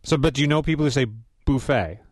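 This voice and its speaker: A man hosting a radio call-in show, asking questions in a relaxed, friendly way. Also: a little high, racing, dry recording, clean studio sound. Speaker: radio host.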